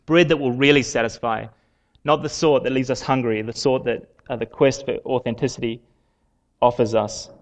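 A man giving a sermon in a conversational way, with frequent pauses and fillers. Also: medium pitch, steady tone. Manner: conversational, halting with many fillers. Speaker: preacher.

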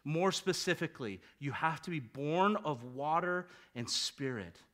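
A male pastor delivering a sermon with a high, ringing voice. He preaches emphatically and keeps turning to the congregation with rhetorical questions. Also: animated, measured pace, sharp tone.

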